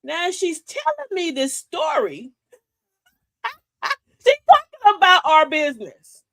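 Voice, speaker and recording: A woman's voice: very high-pitched, wildly swooping pitch, slow, vocal fry, sharp tone. An older woman hosting a live-stream talk, giving life advice emphatically, telling stories and calling listeners baby and y'all. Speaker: host of a live advice show.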